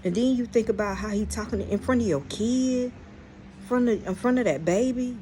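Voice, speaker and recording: A woman's voice: fairly high pitch, normal speed, a little hiss or hum. A woman hosting a storytime vlog, telling viewers a story in a blunt, profane way and often speaking straight to them. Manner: animated, exclaims in outrage. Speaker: channel host.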